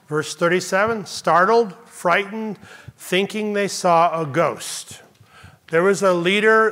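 Emphatic high-voiced male pastor. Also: bright, forceful tone. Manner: emphatic, slows down to stress lists of phrases. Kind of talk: sermon. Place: church sanctuary with congregation.

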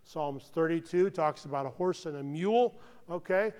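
An American man delivers a sermon in a conversational, earnest way, with a voice sitting a touch high for a man. He keeps checking in with the congregation and drops to near-hushed tones on solemn points. The sound carries a long reverb from a large hall. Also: moderate pace. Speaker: pastor.

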